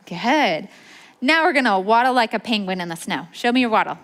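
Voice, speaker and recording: A young woman with a slightly high, bright voice reads briskly and very animatedly from a picture book at a library storytime. She leads the children in sing-song call-and-response, coaxing them to make sounds and movements, and the hall around her is reverberant.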